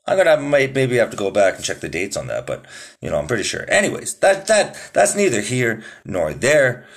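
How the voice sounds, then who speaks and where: A man's voice: mid-range voice, very animated, moderate pace, vocal fry. A man hosting his own podcast in loose, rambling casual chat, swearing a lot and calling listeners "dude". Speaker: podcast host.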